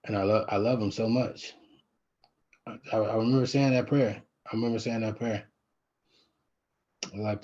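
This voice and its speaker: A middle-aged man talks into his own camera in a lo-fi vlog, his low voice husky and a little rough. He speaks haltingly, stops and restarts his sentences, and leans on fillers as he works through a painful memory. The sound is dull and muffled. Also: steady tone, a little mellow. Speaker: vlogger. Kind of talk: personal vlog, emotional recollection.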